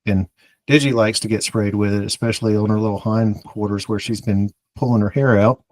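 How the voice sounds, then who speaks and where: A man's voice: lowish voice, steady tone, brisk, a little mellow, no echo. A man from the American South, a podcast co-host, telling a rambling, self-mocking story in casual chat and acting out the dialogue.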